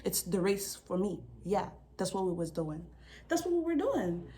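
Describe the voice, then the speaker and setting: A young woman telling a casual storytime vlog, animated and full of slang, acting out quotes with laughs. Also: fairly low pitch, normal speed. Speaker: vlogger.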